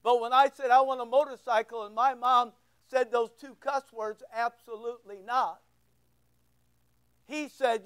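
High-voiced middle-aged male pastor preaching. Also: steady tone, a little slow, fairly bright tone, clean tone, poor audio. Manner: conversational, repeats words, asks the room questions. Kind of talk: sermon. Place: church.

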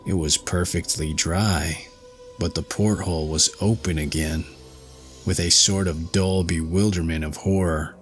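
A man narrating a ghost story in measured, unhurried first person. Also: deep voice, fairly bright tone. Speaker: audiobook narrator.

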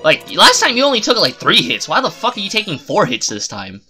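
A man's voice: high voice, wildly swooping pitch, a little fast, bright, forceful tone, faint music behind. A man streaming a video game live, giving profane, exasperated running commentary as he plays.

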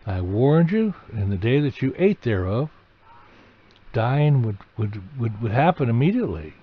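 A man's voice: medium pitch, sing-song, unhurried, breathy edge, narrow, tinny audio. A man voicing God as a stern father. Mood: firm. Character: God, stern but sorrowful father speaking to people.

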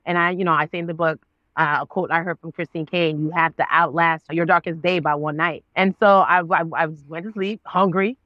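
A woman in her thirties telling her story as a guest, voicing her own past dialogue with God. Her pitch leaps up and down as she acts it out. The sound is dry and slightly dull. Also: steady tone, a little fast, dry recording. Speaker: guest, actress and author. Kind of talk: animated storytelling.

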